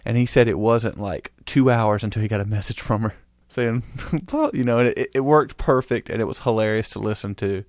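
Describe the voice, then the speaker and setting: A man's voice: on the low side, a little fast, hardly any pauses, darkish tone, no echo, clean studio sound. A man with a Southern US accent, co-hosting a podcast in a laid-back, rambling, joking way. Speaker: podcast co-host. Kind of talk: casual chat.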